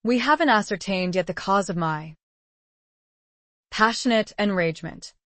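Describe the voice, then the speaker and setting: A woman's voice: medium pitch, expressive, normal speed, fairly bright tone, no room sound, close to an everyday voice. A woman reading the lines of a teasing aristocratic male pirate captain, with a drawling, mocking manner.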